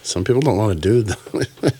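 A man's voice: lowish voice, lively intonation, normal speed, warm tone, a little hiss or hum. A man co-hosting a music stream, teasing his partner in casual banter and laughing often.

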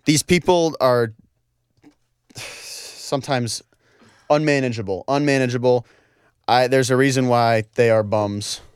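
A man's voice: medium pitch, a little slow, pauses often, clear, resonant tone, dry recording, studio quality. A young man hosting a college radio show, chatting casually with many fillers, easily flustered and apologetic. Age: young adult. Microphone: studio microphone.

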